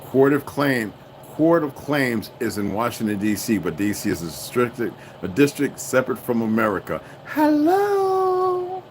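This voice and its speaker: A man's voice: lowish voice, moderate pace, hardly any pauses, slight background noise. Heated, profane man ranting on stream. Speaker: livestream host. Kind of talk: unscripted livestream rant.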